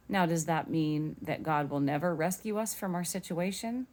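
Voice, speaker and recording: A woman giving a devotional teaching, walking gently and earnestly through scripture step by step. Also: sits low, moderate pace, few pauses.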